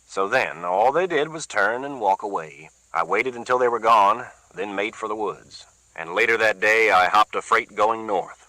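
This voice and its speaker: Guy reading a defiant old man of eighty-six, grave, slow, low. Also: pushed and bright, no echo, low-quality recording. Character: 86-year-old man, stern, wise and defiant.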